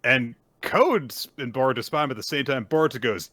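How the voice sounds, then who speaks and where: With a sharp, mid-range voice and lively intonation, a man recaps manga chapters on a casual podcast he co-hosts, voicing the characters' lines with animation. He speaks at normal speed with few pauses, and the recording is dry.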